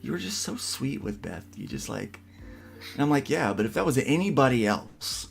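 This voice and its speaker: A man's voice: mid-range voice, expressive, normal speed, creaky, faint music behind. A man hosting a casual livestream podcast, telling a rambling family story full of restarts. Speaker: podcast host.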